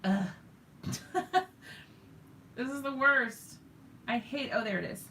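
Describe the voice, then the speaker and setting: Woman streamer, unhurried delivery, vocal fry, chatty and self-mocking with her viewers. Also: fairly high pitch, pushed and bright, a little hiss or hum. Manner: talks to viewers while working, thinks aloud, self-mocking. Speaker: craft live stream host. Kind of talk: chatty live crafting demo.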